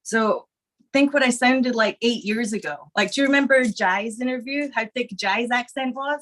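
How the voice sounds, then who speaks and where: A woman from Scotland with a Scottish accent that has gone partly American, chatting as a guest in a rambling, relaxed way full of fillers, stoned. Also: on the high side, moderate pace. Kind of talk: casual stoner chat.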